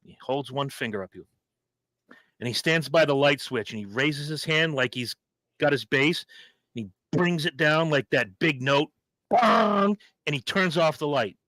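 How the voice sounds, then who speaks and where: Male podcast co-host in his fifties, animated storyteller, bright tone, dry close sound. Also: on the high side, normal speed, dry recording. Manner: animated storyteller, acts out quotes. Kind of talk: casual chat.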